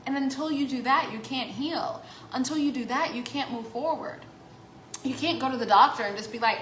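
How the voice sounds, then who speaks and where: A woman life coach talking casually to the camera, animated, acting out voices in the quotes she gives. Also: high-pitched, normal speed, roomy sound, slight background noise, poor audio. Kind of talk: casual vlog talk.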